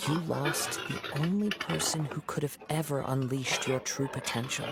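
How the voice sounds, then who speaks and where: An actor voicing a calm wandering young male swordsman in a video game, speaking in a composed, measured, gentle manner. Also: medium pitch, vocal fry, noisy background, natural voice. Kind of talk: game voice acting. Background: game music.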